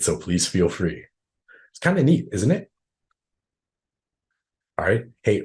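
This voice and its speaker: A man leading a professional training session, talking casually and acting out people's inner voices with frequent tag questions. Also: sits low. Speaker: workshop trainer.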